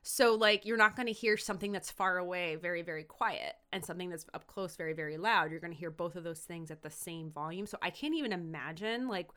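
A woman's voice: lowish voice, fast, few pauses. A woman co-hosting a podcast, retelling a TV episode in casual chat and acting out the quotes. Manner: animated storyteller acting out quotes. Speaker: podcast co-host.

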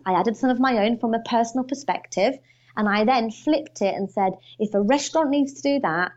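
Brief: woman from the UK, guest on a business podcast, lively emphatic anecdotes, middle pitch, dull recording. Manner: animated storyteller, emphatic. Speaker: guest, financial advisor coach. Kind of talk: casual podcast interview.

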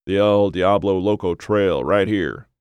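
A gravelly, defiant old man who answers in gruff, curt lines, as a male narrator voices him. The voice is very low and dry, close to the mic. It is a storybook figure with a hard, weathered edge. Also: unhurried, darkish tone, no echo. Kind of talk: audiobook character voice.

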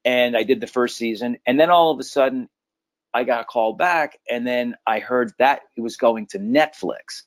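A middle-aged man, an actor, telling stories in a casual interview with an animated, laughing manner. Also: medium pitch, moderate pace, dry recording. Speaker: actor guest.

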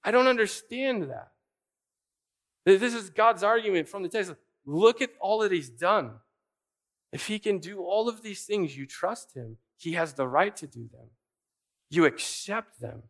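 A man preaching a sermon, asking rhetorical questions and repeating key phrases for emphasis. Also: high voice. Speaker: pastor.

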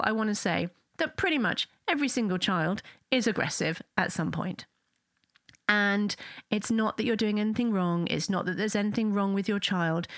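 A woman's voice: medium pitch, a bit bright, dry recording, clean studio sound. A woman hosting a parenting show, chatting casually to listeners, asking tag questions and acting out what parents say. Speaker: parenting podcast host. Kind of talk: casual solo talk to listeners.

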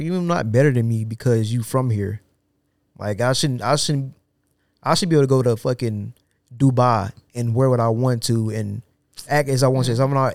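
A man's voice: mid-range voice, no echo. Blunt male podcast co-host, dry close sound. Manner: blunt, animated, laughs often. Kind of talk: casual chat.

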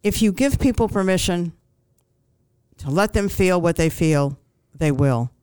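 A woman speaking as a grief counselor guest in an interview, giving calm, reassuring advice with frequent ums and restarts. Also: lowish voice, unhurried, clear, resonant tone, dry recording.

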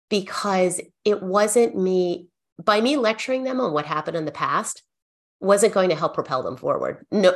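A middle-aged woman, an accountant, sharing earnest stories in a podcast interview and acting out what she and her clients said. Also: lowish voice. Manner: earnest, animated storytelling with quoted dialogue. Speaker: accountant and guest.

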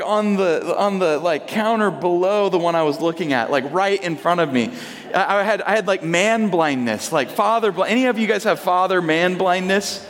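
A man in his thirties, a pastor, delivers an animated sermon story, his voice sitting a little above the usual range for a man. He jumps into his children's voices as he tells it. The sound carries a long hall reverb, as if heard from a church sanctuary. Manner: animated storyteller, acting out his kids in a high voice.

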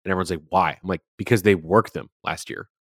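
Man, very low voice, dry close sound, casual sports chat, animated, swearing. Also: quick pace, no room sound. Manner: animated, profane, swears freely. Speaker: podcast co-host.

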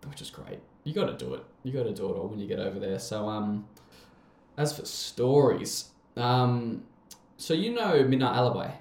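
A man's voice: mid-range voice, expressive, normal speed, darkish tone, reverberant. Rambling Australian guy telling stories. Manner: rambling, swearing, laughs often. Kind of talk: casual storytelling chat.

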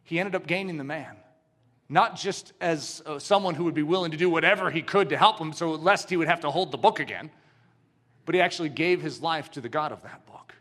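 A man's voice: on the high side, a little fast, fairly bright tone. A man preaching a sermon, telling a story dramatically and asking his audience questions. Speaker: pastor.

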